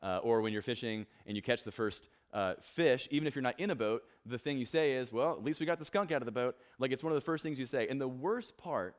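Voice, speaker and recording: A young male pastor delivers a relaxed, conversational sermon at an even mid-range pitch. He slips into quoted voices and jokes at his own expense as he goes. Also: quick pace, few pauses. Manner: conversational, self-deprecating, acts out quotes. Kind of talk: casual sermon.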